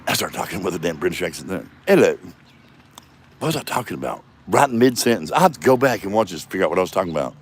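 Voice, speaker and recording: A man's voice: low voice, expressive, racing, hardly any pauses, slightly rough. A man in his fifties rambling and swearing in a self-mocking solo vlog, recorded outdoors in a front yard. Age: 50s. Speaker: comedian vlogger. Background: passing traffic.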